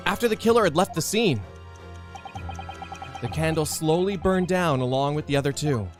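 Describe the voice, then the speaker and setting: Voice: medium pitch, lively intonation, normal speed, soft background music. Giggly streamer reading game lines aloud. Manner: laughs often, reads lines with dramatic flair. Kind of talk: playful let's play commentary.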